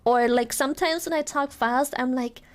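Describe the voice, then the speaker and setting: A woman's voice: high voice, moderate pace, slight background noise. A woman from Germany, a native German speaker, chatting casually on stream, ranting animatedly with lots of laughter and swearing.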